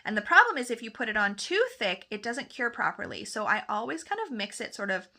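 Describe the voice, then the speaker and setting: Woman, nail tech, casual how-to chat, crisp bright tone, talks while working. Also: mid-range voice, big pitch swings, a little fast. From Canada. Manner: chatty, talks while painting, self-correcting. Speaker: nail technician.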